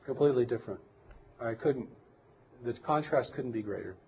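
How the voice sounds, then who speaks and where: A man giving an interview, speaking in a measured, reflective way with some halting pauses. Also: mid-range voice, vocal fry, darkish tone, a little hiss or hum, poor audio. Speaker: interview guest. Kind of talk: earnest interview conversation.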